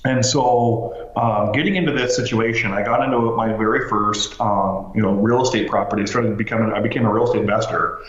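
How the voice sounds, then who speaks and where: A man telling his story as a podcast guest, animated, with lots of fillers and restarts. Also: lowish voice, fairly quick. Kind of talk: casual storytelling interview. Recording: roomy, slightly dull sound.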